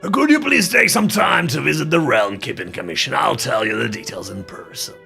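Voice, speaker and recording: A man putting on a gruff messenger with a wavering Scottish accent. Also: mid-range voice, expressive, normal speed, sharp tone, faint music behind, heavily acted. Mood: gruff, polite. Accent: wavering put-on Scottish accent. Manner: gruff, formal requests. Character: gruff adult male messenger, polite but rough.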